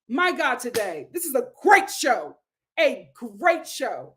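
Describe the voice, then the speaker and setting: A woman's voice: a little high, sing-song, slow pace, fairly bright tone. A woman hosting a casual reality TV recap, emphatic and exclamatory, who repeats phrases for effect.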